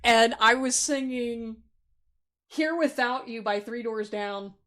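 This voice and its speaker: Excitable young woman reading tarot. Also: fairly high pitch, slow pace. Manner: excitable, chatty, bursts of loud laughter. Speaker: tarot reader. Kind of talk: casual pick-a-card tarot reading.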